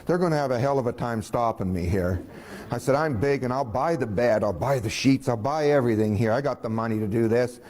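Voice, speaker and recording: A man with a medium-pitched voice, speaking a little fast, tells a personal story in a folksy manner. He chuckles as he goes and acts out what other people said in lively voices.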